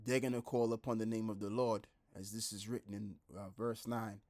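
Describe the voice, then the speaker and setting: A man's voice: little pitch movement, fairly quick. Blunt, repetitive man preaching online. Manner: reads scripture aloud in a lower, quieter voice. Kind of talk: street-style preaching commentary.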